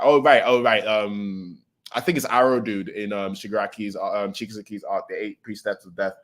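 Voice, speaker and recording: A man's voice: fairly low pitch, steady tone, moderate pace. A man casually reading manga chapters aloud and reacting, laid-back and slangy, stumbling over harder words.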